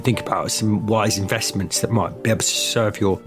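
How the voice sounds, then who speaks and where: A man voicing a stiff, earnest financial adviser in a lowish voice, stumbling over his words. Music plays behind. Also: steady tone, a little fast, natural voice. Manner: hesitant, many fillers.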